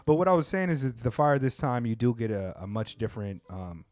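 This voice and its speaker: A man at a middle pitch hosts a casual podcast. He talks loose and slangy, circling back with restarts and "you know what I mean" as he riffs with his co-hosts. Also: very animated, a little fast, darkish tone. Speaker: podcast host. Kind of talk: casual chat. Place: lives in Japan.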